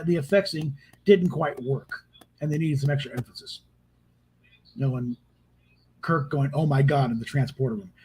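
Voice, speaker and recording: A man's voice: fairly high pitch, low-quality recording. A man with a slightly raised voice talks through a film review in loose, unscripted commentary, circling back and restarting his sentences. He sounds exasperated at times. A faint hiss and occasional clicks sit under the recording. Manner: rambling, with frequent restarts and exasperated asides. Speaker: video host reviewing a film.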